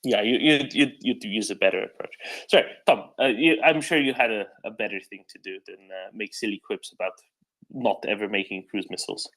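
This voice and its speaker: A man's voice: on the low side, fairly quick, a bit bright, low-quality recording. A man hosting a casual chat, teasing his guest with joking quips. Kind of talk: casual chat on a live audio chat.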